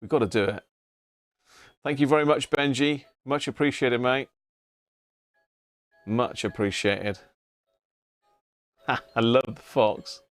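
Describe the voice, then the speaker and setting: Chatting on a laid-back livestream, this host reads messages from viewers, greets them by name, and laughs frequently. He speaks slowly at a medium pitch, leaving long pauses, and there's no echo.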